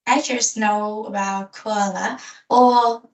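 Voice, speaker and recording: A woman answering questions in hesitant, halting learner English during a speaking practice conversation. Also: mid-range voice, steady tone. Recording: echoey room, voice far from mic.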